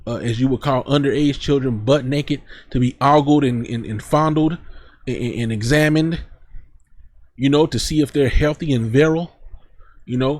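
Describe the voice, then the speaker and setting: Male preacher, husky voice, reads verses then riffs bluntly in casual street talk. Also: medium pitch, darkish tone. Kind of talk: scripture teaching.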